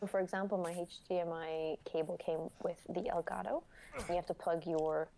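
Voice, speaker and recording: Low-voiced woman giving game directions. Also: fairly even intonation, moderate pace, dark tone, slight background noise. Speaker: game guide. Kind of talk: casual gameplay chat.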